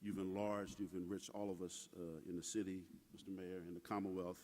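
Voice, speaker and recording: A man giving a formal tribute speech in a large banquet hall, with measured, ceremonious phrasing. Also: deep voice, little pitch movement, darkish tone. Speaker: tribute speaker. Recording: hall reverb with crowd.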